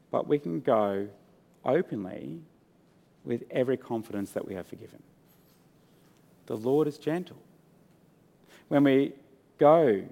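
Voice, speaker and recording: A man preaching an earnest, unhurried sermon as pastor, rising in emphasis and then softening into a hushed prayer. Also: medium pitch, creaky. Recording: long hall reverb.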